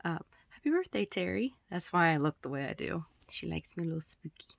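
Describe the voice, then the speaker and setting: A woman chatting and then casually reading her own story aloud to a phone in a room at home, with giggles and throat-clearing asides. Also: lowish voice, sing-song, brisk, dry recording. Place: room at home with poster backdrop.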